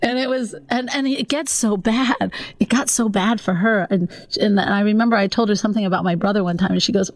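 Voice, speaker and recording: A woman's voice: mid-range voice, fairly quick, hardly any pauses. A woman hosting a podcast in casual chat, talkative and laughing often, speaking to her listeners. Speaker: podcast host.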